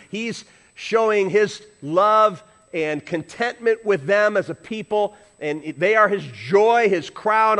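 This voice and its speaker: A man's voice: on the high side, fairly bright tone. A man preaching a sermon as pastor, conversational, asking the congregation questions and adding humorous asides.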